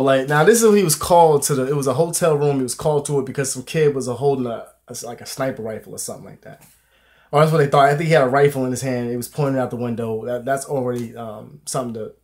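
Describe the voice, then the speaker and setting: A young man speaks straight to his viewers in an unscripted vlog. His talk is loose, full of slang and swearing, and his voice sits at an ordinary middle pitch. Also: a little mellow. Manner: casual, profane, slangy storytelling. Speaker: vlogger. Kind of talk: casual opinion vlog.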